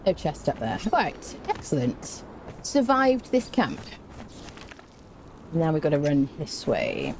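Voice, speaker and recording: A woman streams a game with casual commentary, chatting playfully, greeting viewers, talking to chat, and humming and scatting little tunes as she plays. Her low, slightly mellow voice swings hugely in pitch, moving slowly with frequent pauses, over a little hiss or hum.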